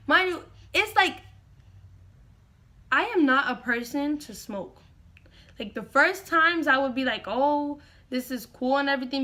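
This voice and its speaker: A woman's voice: high-pitched, normal speed, sharp tone. A young woman vlogger dramatically retelling a personal story to camera, repeating lines for effect.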